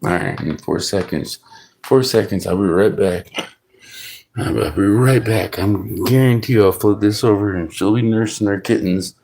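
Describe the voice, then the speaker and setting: A man's voice: fairly low pitch, normal speed, creaky, a little mellow, a little hiss or hum, rough recording. A man livestreaming casually, rambling and joking crudely while talking to his cat.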